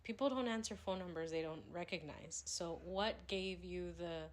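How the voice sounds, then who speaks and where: A young woman hosting a podcast, telling animated stories in casual chat with laughter. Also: lowish voice, moderate pace. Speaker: podcast host. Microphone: podcast microphone.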